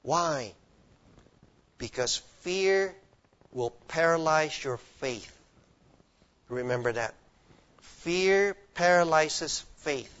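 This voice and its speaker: A man's voice: fairly high pitch, expressive, extremely slow, long pauses, fairly bright tone. A male pastor preaching a sermon emphatically, often quizzing his listeners with questions. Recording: dull lo-fi recording.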